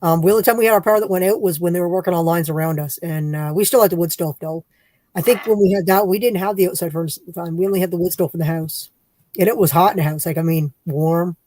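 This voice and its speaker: A woman's voice: on the low side, quick pace, warm tone, dry recording. A woman, rambling and teasing in casual chat while she crafts on a livestream. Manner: rambling, chatty, playfully teasing.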